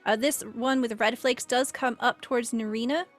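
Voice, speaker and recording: A woman's voice: a little high, fairly even intonation, normal speed, faint music behind. A woman narrating a tabletop game as game master, casual and filler-heavy.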